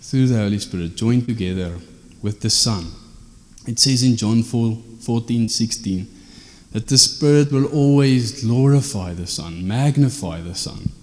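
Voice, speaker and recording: A man's voice: medium pitch, a little slow, a little mellow, long reverb tail. A man, preaching an informal teaching sermon in a conversational way, often checking in with tag questions.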